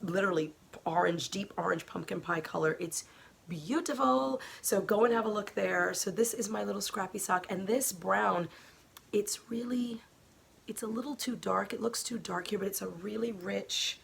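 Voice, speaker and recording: A middle-aged woman hosting a knitting podcast, chatting casually and gushing over her yarns with fillers and soft asides. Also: medium pitch, moderate pace, gravelly, a little hiss or hum. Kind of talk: casual show-and-tell chat.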